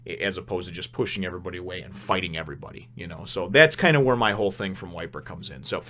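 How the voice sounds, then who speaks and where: A man's voice: low-pitched, racing, sharp tone. A man giving a casual review of a manga chapter, rambling and candid, with frequent restarts.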